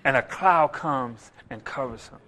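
A man preaching a sermon, animated, acting out voices and rising loud for emphasis. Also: mid-range voice, measured pace.

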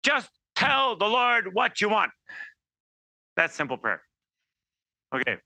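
A man giving an informal sermon, animated and acting out quoted voices, with many restarts. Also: high-pitched, slow pace, creaky, no room sound. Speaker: preacher.

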